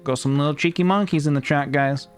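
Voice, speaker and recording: A man's voice: fairly high pitch, steady tone, fast, clean tone, soft background music. A man in his thirties chatting casually on a live stream, playful and rambling as he talks himself through his work. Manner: playful, rambling, talking to himself while working.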